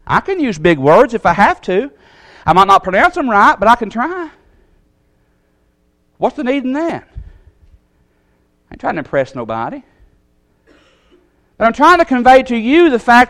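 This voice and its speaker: A man preaching a sermon in a Southern American accent, folksy and animated, acting out the voices he quotes. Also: very high-pitched, moderate pace, pauses often, no room sound. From Southern United States.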